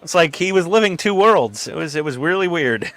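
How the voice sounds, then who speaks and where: Male stream regular, crisp bright voice, talks casually, acts out quotes in his stories. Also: fairly quick, no room sound. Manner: animated storyteller who acts out quotes with sudden pitch jumps. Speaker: model-building stream regular. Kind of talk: casual group chat while building.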